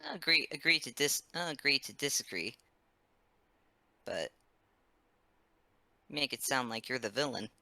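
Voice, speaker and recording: A man's voice: mid-range voice, animated, measured pace, gravelly, pauses often, bright, forceful tone, dry recording. A man voicing his character in a tabletop role-play, rambling and earnest with frequent restarts. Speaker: player.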